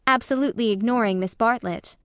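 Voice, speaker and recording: Woman narrating an old novel, steady and expressive, slightly high voice, dry close sound. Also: clean tone, no room sound. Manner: measured, expressive reading. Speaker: audiobook narrator. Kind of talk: scripted narration of a classic novel.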